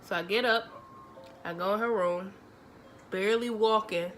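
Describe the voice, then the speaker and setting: A young woman, telling a story to her vlog audience in a chatty, animated way, acting out the dialogue. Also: mid-range voice, normal speed, soft background music. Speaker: vlogger. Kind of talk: casual storytelling.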